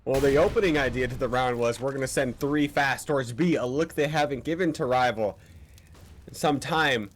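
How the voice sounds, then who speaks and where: A man's voice: medium pitch, normal speed. A man doing chatty, analytical color commentary on a match, asking rhetorical questions.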